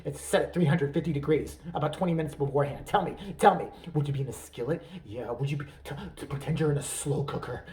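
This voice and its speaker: A man voicing a creepy cannibal seducer who murmurs low and hushed. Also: fast talker, few pauses, recorded from a distance, lightly acted.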